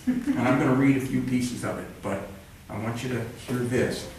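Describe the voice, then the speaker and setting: A man's voice: medium pitch, moderate pace, a little mellow, recorded from a distance, a little hiss or hum. A man reading from his own books at a live event, wry and plainspoken, with rambling asides between pieces. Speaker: author reading his work. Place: cultural center event room. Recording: roomy live recording from afar.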